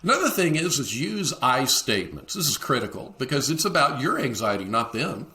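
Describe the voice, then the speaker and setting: A man's voice: mid-range voice, big pitch swings, a little fast, pushed and bright. A middle-aged man hosting a leadership podcast, talking alone to listeners and acting out the dialogue he quotes. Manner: acts out quoted dialogue in shifting voices. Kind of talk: solo podcast teaching talk.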